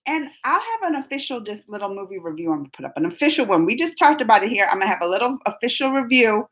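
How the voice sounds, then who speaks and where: Speaking fast in a slightly high voice, a woman hosts a casual live-chat video. She goes through viewers' comments playfully and animatedly, laughing often.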